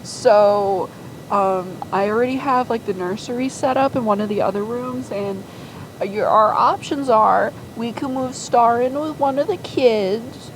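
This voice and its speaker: A woman's voice: a little high, unhurried, a little hiss or hum, pitched above the performer's own voice, natural voice, rough recording. A woman voicing a sweetly manipulative young adult daughter who talks in a saccharine, sing-song pleading way.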